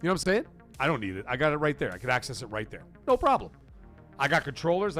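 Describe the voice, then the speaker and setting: A man hosting a live stream, talking in a casual, emphatic and repetitive way, his voice getting hoarse. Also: on the high side, big pitch swings, fast talker, a bit bright, soft background music. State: voice going hoarse. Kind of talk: casual live-stream chat reading donations.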